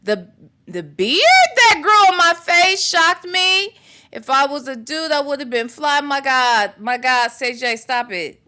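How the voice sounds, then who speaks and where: Lively, bright-voiced woman host chatting. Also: high-pitched, unhurried. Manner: greets viewers by name and reads their comments aloud; chatty and playful, laughs freely. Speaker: livestream host. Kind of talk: casual livestream chat.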